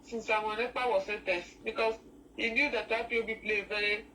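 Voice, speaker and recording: A woman with a Nigerian accent calling in to a talk show, talking in an emotional, halting way with many restarts. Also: on the high side, fairly even intonation, pushed and bright, distant mic, a little hiss or hum, rough recording. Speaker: caller. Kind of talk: call-in discussion, mixing English and Pidgin.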